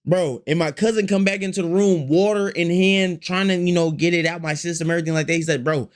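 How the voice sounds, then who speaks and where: A man's voice: fairly high pitch, fairly even intonation, fast talker. A man telling a storytime to his chat in a slangy, profane way, repeating phrases and acting out the quotes. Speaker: storytime vlogger.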